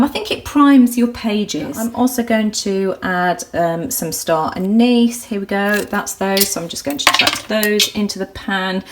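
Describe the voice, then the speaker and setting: A woman narrating a craft project in her home kitchen, chatty and full of ums, gushing with excitement as she works. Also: mid-range voice, slight background noise, rough recording. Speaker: crafts vlogger. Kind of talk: casual how-to narration.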